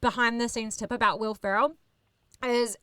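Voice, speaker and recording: A woman in her thirties with a New Zealand accent, a radio host telling animated, sweary backstage stories in casual chat. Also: a little high, normal speed, clean tone, dry recording, clean studio sound. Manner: animated, swears, acts out others in quoted voices. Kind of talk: casual storytelling.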